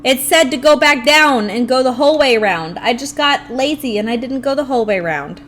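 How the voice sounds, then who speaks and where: A young woman streaming a video game live, talking to herself and her chat in an animated, playfully grumbling way. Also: high-pitched, brisk, a little hiss or hum. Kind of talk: live gameplay commentary.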